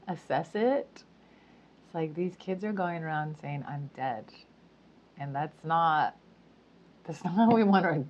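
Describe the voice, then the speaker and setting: Low-voiced woman rambling slow and chatty, giggles a lot, kinda muffled lo-fi audio. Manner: chatty, giggly, many fillers. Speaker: spiritual speaker. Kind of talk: casual monologue to camera. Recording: dull lo-fi sound.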